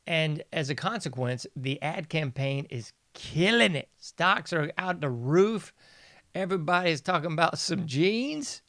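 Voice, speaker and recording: Man, mocking commentary host, slightly high voice, dry recording. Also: lively intonation, unhurried, a bit bright, no room sound. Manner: mocking, sarcastic, laughs often. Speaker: podcast host. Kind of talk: casual sarcastic news commentary.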